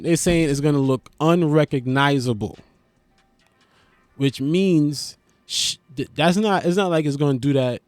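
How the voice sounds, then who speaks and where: A man hosting a podcast, riffing in a loose, profane, animated comic monologue. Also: on the high side, no room sound. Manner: loose, animated, profane, swings into loud bursts. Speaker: podcast host. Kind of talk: casual comedic monologue.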